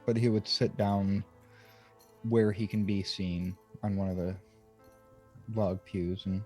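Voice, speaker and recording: A man at a tabletop game talks through his character's actions, pausing with fillers as he thinks. His voice is very low, warm and husky, with faint music in the background. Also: level tone. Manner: hesitant, thinking aloud with fillers. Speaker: player.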